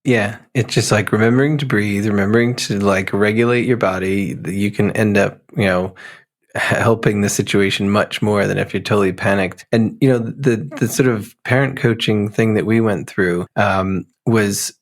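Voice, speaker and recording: Man, middle-aged, from Pennsylvania, gravelly fry in the voice, laid-back rambling talk, podcast guest. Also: fairly low pitch, moderate pace. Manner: relaxed, rambling, lots of "like" and "you know". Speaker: guest musician. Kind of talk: casual interview chat.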